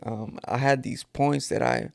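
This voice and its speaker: A man's voice: medium pitch, measured pace, creaky, no echo, clean studio sound. A man in his thirties with a California Mexican-American Spanglish accent, hosting a podcast in rambling, joking casual chat. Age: 30s. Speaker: podcast host. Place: at home. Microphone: camera.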